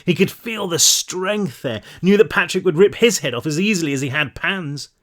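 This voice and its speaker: A man narrating his own novel in a measured reading, now and then dropping into relaxed asides to his listeners. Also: a little high. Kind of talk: audiobook-style read-through.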